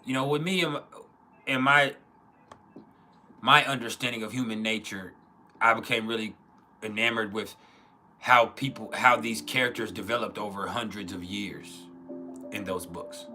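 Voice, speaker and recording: A man's voice: fairly low pitch, steady tone, normal speed, pauses often, bright, forceful tone, faint music behind. A man hosting a casual livestream, rambling, often restarting his sentences and reading out chat comments. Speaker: livestream host.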